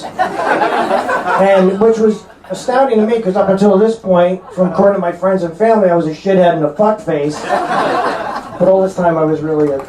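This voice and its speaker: Stand-up comic, male, 30s, North Jersey accent, pitched high, brash and crude, in a roomy club. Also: noisy background. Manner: brash, crude punchlines with quick asides. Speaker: stand-up comedian. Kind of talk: stand-up comedy set. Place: comedy club stage. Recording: roomy club with laughing crowd. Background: audience laughter.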